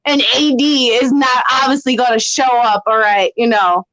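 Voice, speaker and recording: A woman co-hosting a podcast, animated and full of rhetorical questions in casual chat about a TV show. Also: a little high, moderate pace, dry recording, poor audio. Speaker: podcast co-host. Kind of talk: casual TV discussion.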